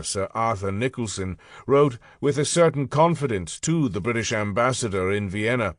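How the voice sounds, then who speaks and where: A man narrates history in an even, mid-pitched voice, taking his time and leaning on important phrases. The recording is dry and close, with no room sound at all. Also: dry recording. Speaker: audiobook narrator.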